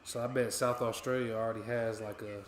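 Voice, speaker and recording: A young American man co-hosting a footy watch-along, reacting excitedly and swearing casually as he reads chat aloud. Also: fairly low pitch, fairly quick. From United States. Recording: roomy echo.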